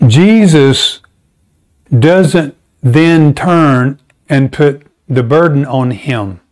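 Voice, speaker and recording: Guy preaching, chatty but emphatic, jumps up high to make a point. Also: dark tone. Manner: conversational, emphatic preaching with sudden pitch rises. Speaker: pastor. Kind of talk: sermon.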